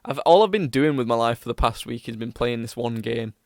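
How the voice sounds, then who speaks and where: A man's voice: mid-range voice, a little fast, darkish tone, dry recording, studio quality. A young man hosting a podcast, rambling casually with lots of fillers and self-mocking asides. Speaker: podcast host. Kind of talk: casual chat.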